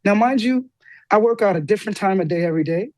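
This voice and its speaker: A woman guest telling a personal story with lively energy, acting out the voices of the people in it. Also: fast talker, no room sound. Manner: lively, acts out quoted dialogue with big pitch jumps. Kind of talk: animated storytelling in an interview.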